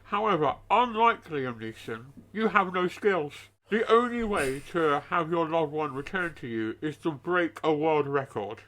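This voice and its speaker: A man's voice: a little high, expressive, a little slow, few pauses, fairly bright tone, poor audio. A man hosting a podcast, reading out quiz questions in a dry, teasing manner.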